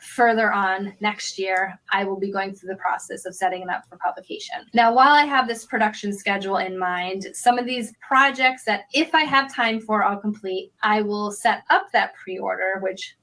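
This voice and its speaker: A woman talking straight to camera in a relaxed vlog, open and self-reflective. She moves quickly through her points at an even, mid-range pitch for a woman, with an everyday, unforced delivery. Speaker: author and vlogger. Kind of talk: casual vlog talk.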